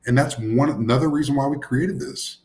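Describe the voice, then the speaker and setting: A man co-hosting a police livestream, ranting with swearing and quick apologies. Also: medium pitch, darkish tone, slight background noise. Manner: ranting, profane, apologetic asides. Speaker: co-host. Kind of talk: casual livestream chat.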